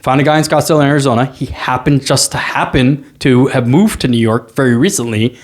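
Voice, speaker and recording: A brisk, medium-pitched male voice belongs to a commercial real estate agent appearing as a guest in a casual interview. He's an animated storyteller who keeps tagging his points with "right?"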